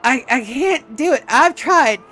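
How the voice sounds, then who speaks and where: A woman's voice: high-pitched, measured pace, soft background music. A woman streamer chatting casually while playing a game, telling rambling, profane stories about running tabletop games. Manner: rambling, profane, animated storytelling.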